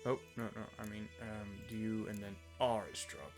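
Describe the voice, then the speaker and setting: With music in the background, a man from the Netherlands speaks at normal speed in an expressive, fairly low voice. His casual live gameplay commentary is full of self-mocking jokes and frequent swearing as he talks through his inventory.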